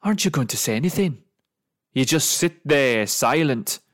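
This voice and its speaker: A man voicing a spontaneous man in his thirties who loses at cards and shouts accusations, his voice rising into high yelps. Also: slow, vocal fry. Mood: accusing.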